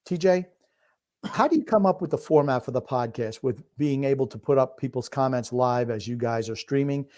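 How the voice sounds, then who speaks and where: A man co-hosting a casual sports podcast, blunt, sarcastic and quick to swear, reading listener comments aloud. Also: mid-range voice, a little mellow. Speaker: podcast co-host.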